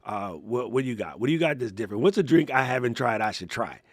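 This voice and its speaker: A man's voice: mid-range voice, fast, no room sound, studio quality. A man from Hawaii co-hosting a live podcast, telling casual stories and acting out the voices of people in them. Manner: animated storytelling, acts out voices in anecdotes. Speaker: podcast co-host.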